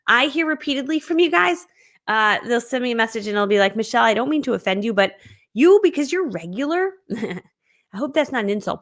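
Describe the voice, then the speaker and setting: A woman hosting a live-streamed online business training, talking in an energetic, amped-up, chatty way and laughing often. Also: a little high.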